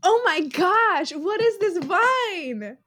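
A woman's voice: extremely high pitch, sing-song, slow, fairly bright tone, no room sound. A young woman co-hosting a casual podcast, giggly and nervous, dropping slang as she guesses quiz answers. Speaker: podcast co-host, quiz contestant. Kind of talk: casual chat.

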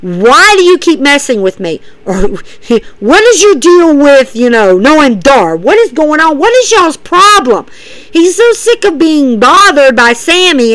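A woman hosting a casual wrestling recap, excitable and animated, acting out what the wrestlers say. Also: high voice, rough recording. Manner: excitable, animated, acts out quotes.

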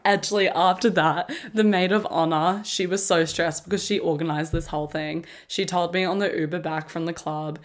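A woman, telling a story on her podcast in a casual, animated way, swearing freely and laughing as she goes. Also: on the low side, moderate pace, few pauses. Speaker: podcast host.

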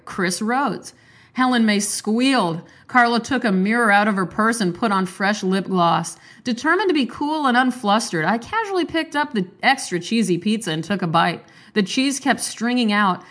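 A young woman chatting casually, then reading a children's book aloud and lifting her pitch for the characters' lines. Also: fairly bright tone. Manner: chatty, playful, voices characters with pitch lifts. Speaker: book reader and commentator.

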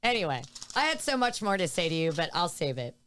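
A woman's voice: lowish voice, very animated, fast, a bit bright, a little hiss or hum. A woman hosting a podcast in casual chat, laughing often and swearing freely. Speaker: podcast host.

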